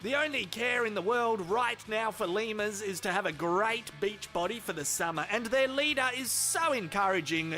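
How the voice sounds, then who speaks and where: A man's voice: high-pitched, lively intonation, moderate pace, few pauses, pushed and bright, soft background music. A man with an Australian accent giving profane, cheeky comic voice-over commentary as host.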